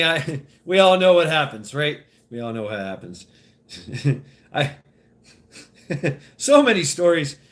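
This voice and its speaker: A man's voice: a little high, fairly bright tone. A man telling crude stories in a rambling, profane vlog rant, laughing between lines. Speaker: vlogger. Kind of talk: casual storytelling rant.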